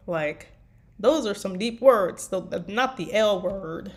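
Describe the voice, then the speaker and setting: A woman's voice: mid-range voice, expressive, slow pace. A tired woman chatting casually about writing her fanfiction, rambling with lots of fillers. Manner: rambling, meandering with many fillers. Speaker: fanfiction writer. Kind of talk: casual chat.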